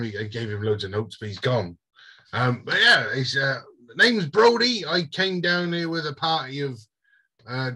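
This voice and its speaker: A man with a British accent voicing a lost, weary male dwarf survivor in his own bright, husky voice, blunt and rambling. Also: mid-range voice. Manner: blunt, rambling, swears freely. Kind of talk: game master voicing a character.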